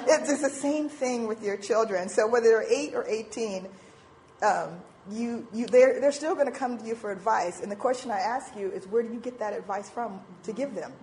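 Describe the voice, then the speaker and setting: Animated, higher-voiced woman church speaker. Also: moderate pace, slight background noise, poor audio. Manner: animated, acts out quoted voices with laughter. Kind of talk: informal sermon talk with slides.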